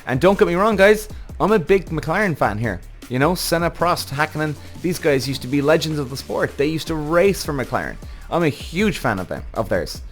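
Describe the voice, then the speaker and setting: A man's voice: on the high side, sing-song, normal speed, hardly any pauses, faint music behind. A man hosting a podcast, ranting heatedly with lots of swearing in casual commentary. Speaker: podcast host.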